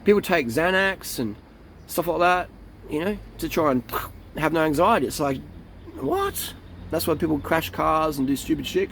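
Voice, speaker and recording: A man's voice: fairly high pitch, expressive, normal speed, gravelly, fairly bright tone, slight background noise. A man who talks in a blunt, profane and rambling way to camera as a cycling coach and vlogger, and often drops into mocking impressions of other people. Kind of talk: casual monologue to camera.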